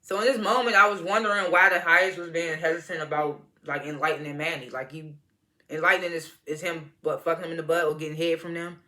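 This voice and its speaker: A man's voice: on the high side, fairly even intonation, fast, sharp tone. A man giving a casual, profane, slangy review of a TV episode, laughing often as he recounts the scenes.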